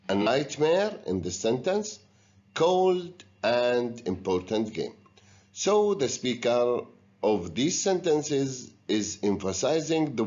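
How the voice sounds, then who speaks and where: A man teaching an English grammar lesson to students in a recorded video, explaining slowly and guiding them step by step. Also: mid-range voice, a little mellow, highs cut off.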